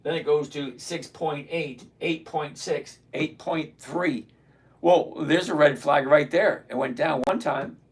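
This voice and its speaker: A man's voice: on the high side, slow, husky. A man in his sixties hosting a casual live stream, blunt and ranting, greeting viewers by name. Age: 60s. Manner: blunt, ranting, self-mocking.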